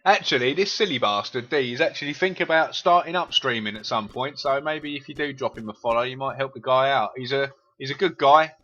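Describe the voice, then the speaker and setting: A man's voice: medium pitch, brisk, hardly any pauses, a bit bright, highs cut off. A man from East London with a Cockney accent, chatting casually and swearing freely with viewers while streaming a game. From England.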